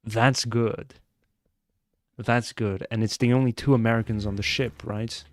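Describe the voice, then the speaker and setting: A man's voice: medium pitch, steady tone, measured pace, dry recording. A young man streaming a mystery game live, chatting and joking with his viewers as he plays. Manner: chatty, joking, answers chat.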